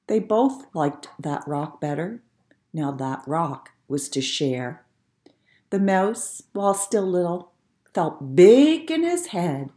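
Slow, very expressive woman storyteller. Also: lowish voice. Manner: expressive, playful. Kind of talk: reading a rhyming storybook aloud.

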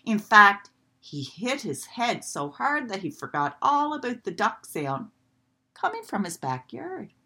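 A woman reading a children's storybook aloud in a gentle, expressive way. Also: medium pitch, unhurried, breathy edge.

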